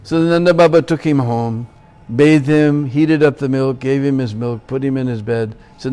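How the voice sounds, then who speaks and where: A man's voice: medium pitch, normal speed, few pauses, dark tone. A man preaching in a temple, telling a sacred story and checking in with his listeners. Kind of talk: sermon storytelling.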